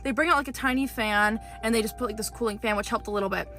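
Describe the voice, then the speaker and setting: A woman tells a story straight to her viewers in an indignant, animated way. Her voice is bright and forceful and sits somewhat high. Faint music plays underneath. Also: quick pace.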